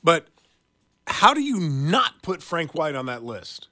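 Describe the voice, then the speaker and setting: A man's voice: fairly high pitch, very animated, slow, sharp tone. A man hosting a radio talk show, chatting casually and reading news aloud with wry asides.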